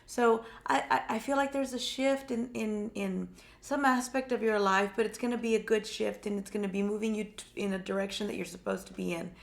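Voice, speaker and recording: A woman with a sore, slightly gravelly throat gives psychic readings on a live stream. She keeps her voice low and soft, trailing and repeating words as she reaches for what she senses. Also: steady tone, a little fast, hardly any pauses. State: sore throat, speaking quietly. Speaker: psychic reader, co-host.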